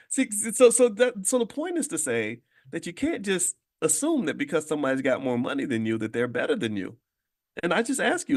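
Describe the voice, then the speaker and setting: A man's voice: a little high, very animated, fairly quick. Emphatic man preaching about money. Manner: emphatic, repeats himself and asks rhetorical questions; conversational, restarts phrases often. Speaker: host and finance educator. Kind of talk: motivational morning talk to an audience.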